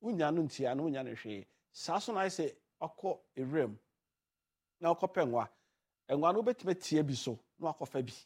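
A man's voice: a little high, expressive, brisk, a little mellow, husky. Chatty radio host man. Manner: mixes languages, chatty and loose. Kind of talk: casual radio chat.

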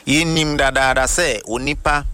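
A man with a Ghanaian accent preaching, reading quoted passages slowly and deliberately before explaining them. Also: mid-range voice, fairly even intonation, sharp tone, no room sound. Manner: reads quotations slowly and deliberately, then explains. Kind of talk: sermon teaching with quoted readings.

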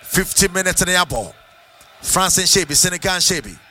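A man with a Ghanaian accent calling a football match live on radio, in a sing-song, excitable delivery that mixes English with Twi. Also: high voice, brisk. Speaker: play-by-play commentator.

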